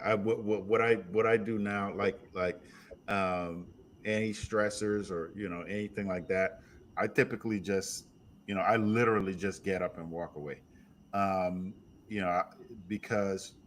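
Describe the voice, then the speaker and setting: Man, podcast host, casual chat, halting, repeats words, lowish voice. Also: steady tone, a little hiss or hum.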